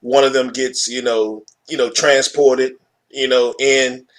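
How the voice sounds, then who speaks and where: A man's voice: medium pitch, flat delivery, slow pace. Guy rambling about a movie, mid voice, lots of you knows. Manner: rambling, many fillers like "you know". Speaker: podcast co-host. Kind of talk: casual film review chat.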